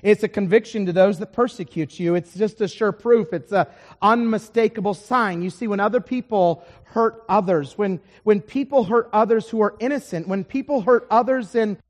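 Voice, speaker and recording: High-voiced animated male preacher. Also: normal speed, big-room sound. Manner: animated storytelling, swings between loud emphasis and quiet asides. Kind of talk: sermon.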